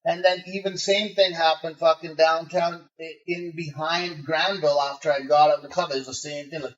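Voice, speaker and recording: A man guesting in a casual interview tells brash stories full of swearing, animatedly acting out the voices of people he met. His voice is fairly high and a little fast, and the remote call sounds muffled, roomy and distant.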